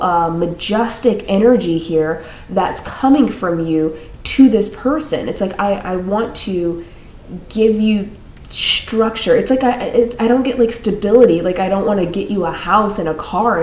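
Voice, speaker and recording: A woman's voice: mid-range voice, unhurried, a little mellow, reverberant, low-quality recording. A woman giving a casual tarot reading to her viewers, rambling with many fillers and restarts. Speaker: tarot reader.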